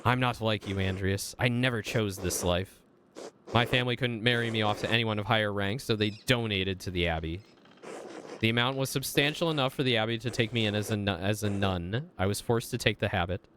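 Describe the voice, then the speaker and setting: A resentful young nun of noble birth complains about the life forced on her, read out plainly by a man in his own lowish voice. The lines come as game dialogue read at the screen, with a faint hiss behind. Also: a little fast, lightly acted. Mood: bitter.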